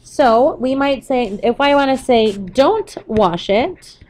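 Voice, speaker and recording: A woman's voice: high-pitched, expressive, takes it slowly, a little mellow, a little hiss or hum. A woman teaching a recorded Spanish lesson to students over slides, explaining patiently step by step with a few fillers along the way.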